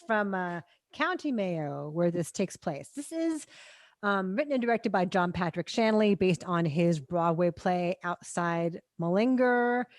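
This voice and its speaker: A woman co-hosting a film review podcast, talking in a casual, sarcastic and animated way with frequent laughs. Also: fairly low pitch, measured pace, dry recording, clean studio sound. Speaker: film critic podcast co-host.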